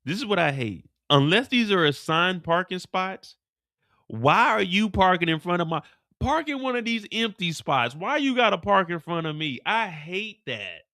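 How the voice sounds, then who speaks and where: A man hosts a live recap of an episode, telling the story with lots of energy and breaking into voices and sound effects. His voice is high and bright, with wide, lively swings in pitch. The recording sounds dry and close. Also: moderate pace, dry recording. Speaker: show recap host. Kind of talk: animated live show recap.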